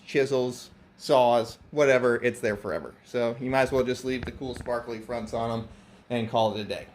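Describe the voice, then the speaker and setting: A man's voice: medium pitch, darkish tone. A man hosting a grow-tent vlog in an indoor grow room, talking loosely, swearing freely and laughing often. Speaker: grow channel host. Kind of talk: casual vlog narration.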